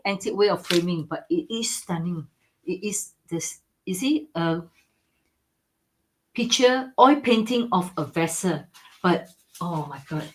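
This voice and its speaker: Enthusiastic woman selling antiques on a live stream. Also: mid-range voice. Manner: enthusiastic, repeats "okay?" and "right?", non-native grammar. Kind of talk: live-stream sales chat.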